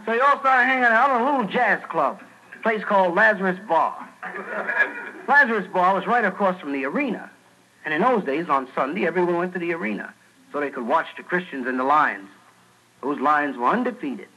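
A man with a high voice tells a comic tale in jive street talk. It comes through a noisy old radio broadcast. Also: lively intonation, fairly quick, pushed and bright. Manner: jive street-talk retelling of a Bible story, shrill put-on screams. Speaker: stand-up comedian. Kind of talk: stand-up storytelling.

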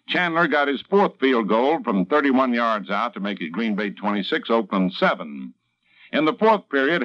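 A man reads a radio sports report with brisk, emphatic delivery. His pitch swings widely as he recaps the game. The sound is dull and lo-fi, like a vintage radio broadcast. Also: fairly bright tone.

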